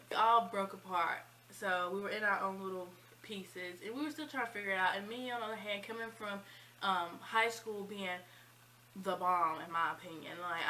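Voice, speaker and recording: A woman in her twenties telling a personal story in a chatty, animated vlog style. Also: mid-range voice, slight background noise, rough recording. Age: 20s. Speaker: vlogger. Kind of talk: casual storytime.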